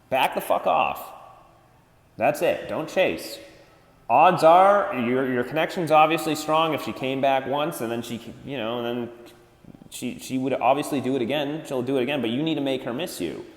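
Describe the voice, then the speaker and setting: Blunt, swearing man ranting in an echoey room. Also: mid-range voice. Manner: blunt and swearing, animated, mocks others in put-on voices. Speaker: dating advice podcaster. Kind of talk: profane ranting advice monologue. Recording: echoey room with long reverb.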